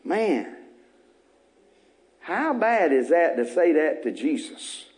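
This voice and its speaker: A man preaches a sermon in a fairly high, sing-song voice at a slow pace, with a darkish tone. He hammers his points home through repeated phrases and rising, emphatic bursts, carrying the full, rhythmic cadence of a pastor addressing his congregation.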